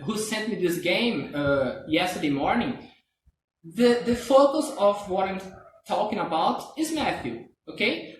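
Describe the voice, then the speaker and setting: A man's voice: sits high, fairly bright tone. A man teaching English grammar in a live online class, patiently checking understanding again and again. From Brazil. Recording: roomy, distant from the mic, faint hiss.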